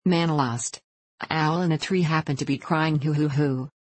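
Low-voiced woman reading a classic novel. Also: steady tone, brisk, darkish tone, slightly rough, no echo. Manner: reads rustic dialogue in a country dialect. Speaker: audiobook reader. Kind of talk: scripted narration of a classic novel.

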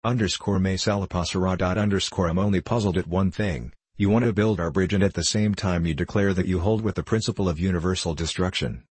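Brief: man voicing an anxious, genteel old gentleman in an audiobook; low, husky tone. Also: fast talker, few pauses, no echo. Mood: earnest. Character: nervous, genteel older gentleman, easily alarmed.

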